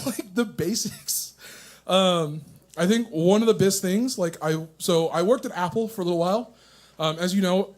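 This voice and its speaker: A nervous young man doing a stand-up set at a coffee shop open mic, profane and self-mocking, chuckling at his own jokes. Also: high-pitched. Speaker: stand-up comedian.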